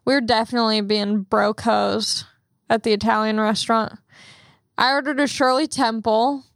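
Young woman podcaster, quick chatty storyteller, fairly high voice, dry mic. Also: steady tone, vocal fry, dry recording. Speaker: podcast host. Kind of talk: casual chat.

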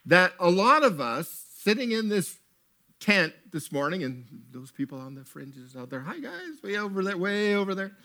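Animated male preacher, higher voice. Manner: animated storytelling, acts out characters. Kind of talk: sermon. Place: tent with an audience.

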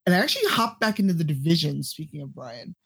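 Woman podcast guest, husky, wry, chuckling. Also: sits low, lively intonation, fast. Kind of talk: casual podcast chat.

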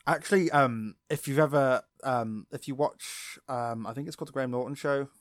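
A man's voice: mid-range voice, moderate pace, no echo, studio quality. A man co-hosting a casual podcast, telling rambling stories full of ums and likes. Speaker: podcast co-host. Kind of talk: casual chat.

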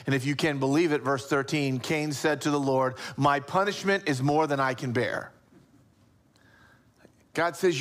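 A man preaching a sermon as pastor, impassioned, dropping soft for emphasis. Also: unhurried, long pauses. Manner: impassioned, rising pitch on acted quotes, drops to soft near-whisper.

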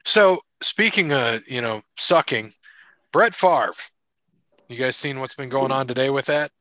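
This podcast co-host speaks in a mid-range, slightly bright voice at a somewhat slow pace, with no room sound at all. His casual chat is loose and jokey as he runs through sponsor thanks and sports gossip.

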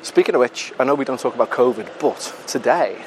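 Chatting as he walks down a city street, a British podcast host pokes fun at himself, sounds a bit out of breath, and swears occasionally. His medium-pitched voice is lively and a little fast, with slight background noise.

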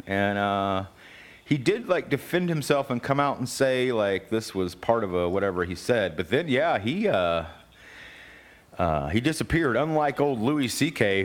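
A man hosts a laid-back community radio chat, his pitch swinging widely as he rambles. He fills gaps with ums and breaks into laughter often. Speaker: podcast host.

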